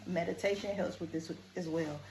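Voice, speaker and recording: A woman coach talks straight to her viewers in a casual vlog, earnest and deliberate. She shifts between firm and gentle tones. Her slightly low voice rings in an echoey room with a faint hiss of ambience behind it. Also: fairly even intonation. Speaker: vlogger and coach. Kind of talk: casual talking-to-camera vlog.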